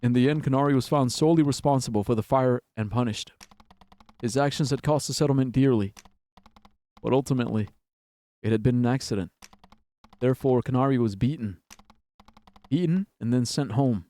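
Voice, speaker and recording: A streamer reading a story game aloud with expression and blurting out swearing reactions. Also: male voice, mid-range voice, a little fast, long pauses, mellow, dry recording.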